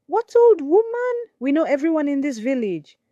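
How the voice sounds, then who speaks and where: A woman voicing a domineering older mother-in-law who speaks in sharp commands. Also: medium pitch, normal speed, dry recording, dull audio, lightly acted. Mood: commanding.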